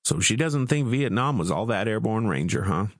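A man's voice: fairly low pitch, lively intonation, moderate pace, no room sound, studio quality, voice pushed up. A man voicing a wry, swaggering young army soldier in an audiobook, coarse and joking. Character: brash, crude young male army soldier. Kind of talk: audiobook character voice.

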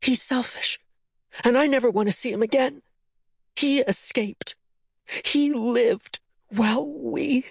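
A man's voice: measured pace, no room sound, studio quality, heavily acted. A male narrator voicing a frightened, angry young daughter in an audiobook, in a raised, emotional voice. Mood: bitter. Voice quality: hoarse murmur. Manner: raised pitch, emotional and insistent. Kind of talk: audiobook character voice.

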